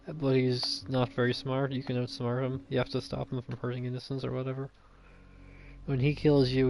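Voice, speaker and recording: A man's voice: medium pitch, vocal fry, a little mellow. A man chatting casually about his game ideas, rambling and thinking aloud, restarting sentences as he goes. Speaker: video game fan vlogger.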